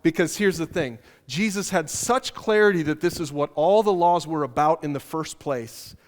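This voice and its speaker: A man with a high voice preaches a conversational sermon, moving between teaching and funny stories. He repeats his key phrases for emphasis. The sound carries a long reverb from a large church hall. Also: normal speed. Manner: animated storytelling with humor, repeats key phrases. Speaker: pastor. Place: church auditorium.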